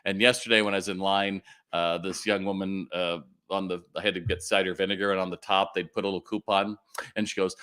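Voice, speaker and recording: A middle-aged man from California hosting a live retail Q&A stream, talking in an animated way and often asking viewers to respond. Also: deep voice, clear, resonant tone. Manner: animated, quick asides and audience calls to respond.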